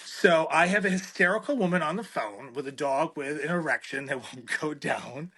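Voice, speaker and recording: A middle-aged veterinarian, guesting on a podcast, tells a comic story in an animated, self-deprecating way and acts out the dialogue. His voice is fairly high and husky, at a normal speed.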